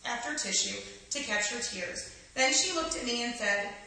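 A woman reading an inspirational story aloud in an earnest, gentle way, now and then restarting a line. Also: a little high, lively intonation, moderate pace, far from the mic. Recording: echoey room, voice from off-mic.

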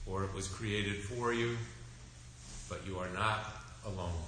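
A middle-aged male pastor tells the children a story in an animated, expressive way, speaking slowly. His voice is low yet bright. It was recorded in a church with a very strong echo and faint background noise. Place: church sanctuary. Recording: echoey church room.

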